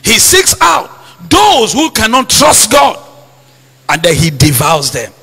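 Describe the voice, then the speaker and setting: Man, pastor, preaching sermon, emphatic, quizzes congregation, husky, church hall reverb. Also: high voice, huge pitch swings, slow pace, pushed and bright.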